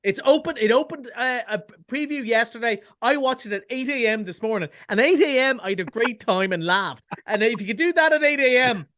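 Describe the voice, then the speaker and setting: An Irish man reviewing films on a radio chat show, chatty and enthusiastic with quick jokes and asides. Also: very high voice, lively intonation, fairly bright tone. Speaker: cinema film reviewer. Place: radio studio.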